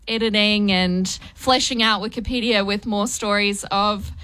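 A woman's voice: medium pitch, steady tone, measured pace, bright, forceful tone, clear, resonant tone, low-quality recording. A woman on radio explaining a topic in a laid-back, casual way.

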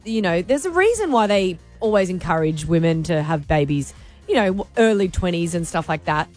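Radio co-host, woman, 40s, chatty and confessional, animated, light music underneath. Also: on the low side, a little fast. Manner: chatty, confessional, laughs often. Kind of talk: casual radio banter. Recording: radio studio with faint music bed.

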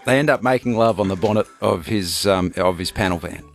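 A man's voice: low voice, brisk, creaky. A man with an Australian accent hosting breakfast radio, chatting and laughing easily as he tells jokes. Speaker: radio host.

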